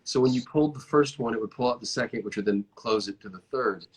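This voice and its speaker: A man hosting a casual chat over a video call, telling stories animatedly and sometimes slowing down to reflect. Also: mid-range voice, slightly rough, low-quality recording. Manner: animated storyteller, often stretching out reflective phrases. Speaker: host.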